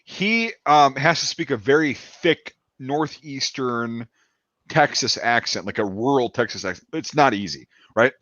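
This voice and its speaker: Halting Midwestern man, dry dull sound. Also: mid-range voice, expressive, a bit bright, no echo. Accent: Midwestern American. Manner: halting, repeats words while building a point. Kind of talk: casual livestream chat.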